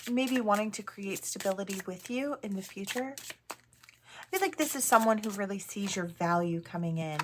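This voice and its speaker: A woman giving a casual tarot reading to viewers, musing aloud in a chatty way with soft asides. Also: mid-range voice, normal speed, a little hiss or hum. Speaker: tarot reader.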